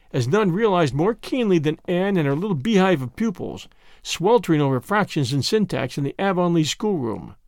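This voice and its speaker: A man narrating a storybook in an expressive reading. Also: on the high side, no room sound, clean studio sound. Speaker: audiobook narrator. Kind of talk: scripted narration.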